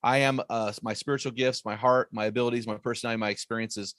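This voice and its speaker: A man's voice: mid-range voice, fairly even intonation, a bit bright, no room sound. Emphatic preacherly man, dry sound. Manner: emphatic, preacherly, with quick asides and restarts. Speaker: author and guest. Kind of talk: conversational teaching on faith and marriage.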